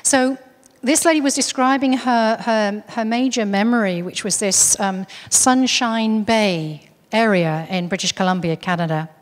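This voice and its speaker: A woman's voice: mid-range voice, a little slow, hardly any pauses, long reverb tail. A woman giving a talk, earnestly recounting a case story with frequent restarts. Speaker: speaker on UFO contactees.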